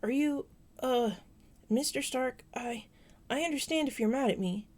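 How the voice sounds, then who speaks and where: A woman voicing a nervous, apologetic teenage boy who speaks in halting starts, in a fan fiction audiobook reading. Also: high voice, darkish tone, voice pushed up. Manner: hesitant, halting speech.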